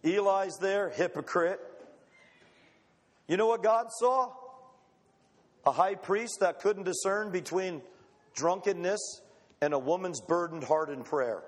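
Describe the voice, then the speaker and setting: High-voiced preacher in a reverberant hall. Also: male voice. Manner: dramatic, acts out quoted voices, emphatic pauses. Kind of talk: sermon.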